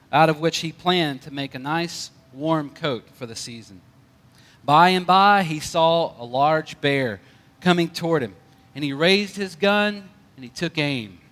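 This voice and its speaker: A man's voice: a little high, fairly bright tone, big-room sound. A male pastor preaching a conversational sermon with light jokes.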